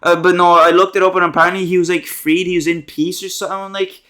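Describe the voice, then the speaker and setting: A young man rants casually about horror films. His voice sits high, and he rambles sarcastically, full of slang and restarts. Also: fairly even intonation, quick pace, hardly any pauses, pushed and bright. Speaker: movie reviewer. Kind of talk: casual rambling movie rant.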